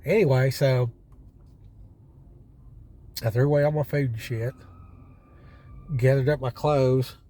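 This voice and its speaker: A man's voice: medium pitch, steady tone, slow, long pauses, dark tone. A man with an Oklahoma accent talking straight to the camera in a blunt, exasperated, rambling way, full of fillers. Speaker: vlogger. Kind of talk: casual ranting monologue. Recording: street and vehicle noise behind.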